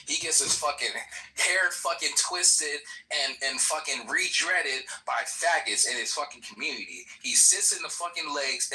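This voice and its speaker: Bright-voiced man, profane and taunting. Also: mid-range voice, a little hiss or hum, low-quality recording. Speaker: voice chat participant. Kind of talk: heated online argument.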